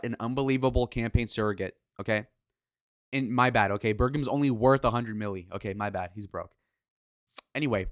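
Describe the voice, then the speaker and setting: A man's voice: medium pitch, dry recording, clean studio sound. Crude, sarcastic male political commentator. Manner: crude, sarcastic, opinionated, with swearing.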